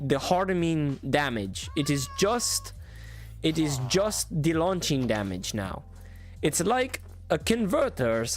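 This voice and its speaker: Excitable man streaming gameplay. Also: a little high. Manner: excitable, laughs often, reads out chat. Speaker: streamer reviewing viewer mods. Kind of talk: live-streamed gameplay commentary.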